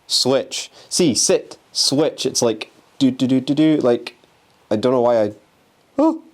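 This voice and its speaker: On a windy day, a young urban explorer and ghost hunter films a handheld vlog inside an abandoned house, talking restlessly, swearing, and taunting the spirits. His voice is medium-pitched with lively intonation, and he speaks at a slow pace.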